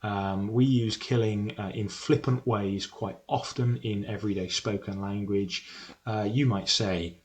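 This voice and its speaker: A man's voice: fairly low pitch, steady tone, measured pace. A man teaching English literature in a recorded lesson, explaining a poem with frequent ums and uhs and some self-correction. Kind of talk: recorded lesson on poetry analysis.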